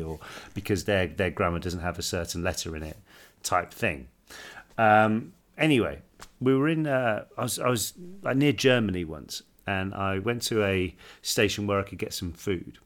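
Lively man telling stories. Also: sits low. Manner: lively storyteller, reads listener messages. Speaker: podcast co-host. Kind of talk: casual podcast chat.

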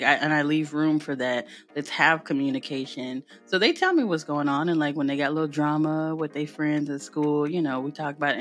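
A woman hosting a podcast in casual conversation, animated and laughing as she tells family stories. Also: sits low. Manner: animated, laughing storyteller, acts out family voices. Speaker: podcast host.

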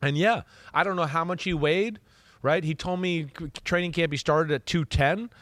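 His voice a touch high and his pace ordinary, this man is captured in a dry recording. He's a football analyst co-hosting a laid-back podcast, telling lively stories, repeating players' words in his own voice, and often adding "right?"

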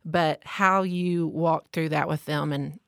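A woman's voice: low-pitched, fairly even intonation, takes it slowly, creaky, dry recording, clean studio sound. A woman hosting a podcast interview, affirming her guest and asking long, careful questions. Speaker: podcast host.

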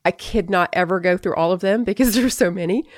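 A woman hosting a podcast in casual chat, talking fast with frequent restarts and easy laughter. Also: mid-range voice, no echo, clean studio sound. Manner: chatty, restarts often, laughs easily. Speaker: podcast host.

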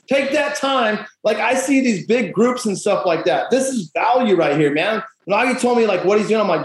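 A blunt male sales coach with a high voice hammers his points home, swearing freely and talking fast. His voice rings in an echoey room. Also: expressive. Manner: blunt, profane, punchy. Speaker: real estate coach. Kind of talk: motivational talk.

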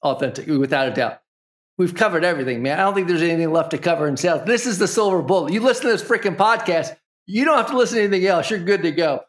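Relaxed middle-aged male podcast host. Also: high-pitched, fast talker. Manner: relaxed, friendly questions with many fillers. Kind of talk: casual interview chat.

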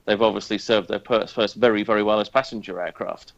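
A northern English man who co-hosts a podcast and works as an airline pilot chats casually, hesitating with lots of ums and showing a dry sense of humour. His voice is on the low side with a steady tone and a quick pace, and the highs are cut off.

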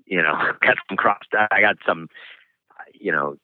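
Deep-voiced man on a tinny line. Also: dry recording. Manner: frank and reflective, pauses often. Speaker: author and guest. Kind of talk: candid interview conversation. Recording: tinny phone-like line, dry.

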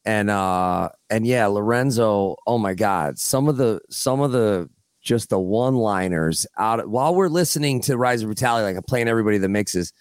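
Low-voiced male podcast host. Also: moderate pace, smooth, dry recording, studio quality. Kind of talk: casual chat.

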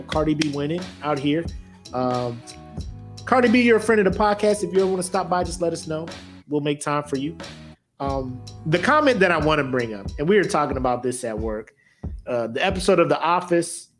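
A man in his forties co-hosting a podcast, talking loosely, joking, swearing freely and laughing often. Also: fairly high pitch. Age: 40s. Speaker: podcast co-host. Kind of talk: casual podcast banter.

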